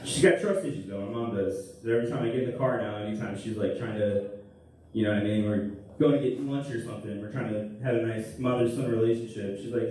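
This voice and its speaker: A young man doing crude, rambling stand-up comedy with deadpan asides. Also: lowish voice, quick pace. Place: comedy club stage. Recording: echoey room, distant mic, noisy.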